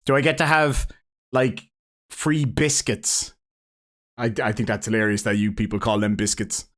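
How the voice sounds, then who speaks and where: A man from Ireland with a Cork accent, hosting a live stream, reading donation messages in a rambling, jokey, excitable way. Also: fairly low pitch, normal speed. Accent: Cork Irish.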